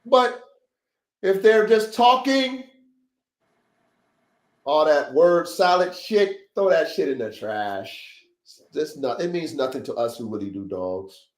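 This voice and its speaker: A high-voiced man who breeds dogs hosts a casual livestream podcast, preaching to listeners in short, repetitive, profanity-laden pep-talk bursts. He's animated and emphatic yet slow, pausing often. His voice rings with roomy echo in the space.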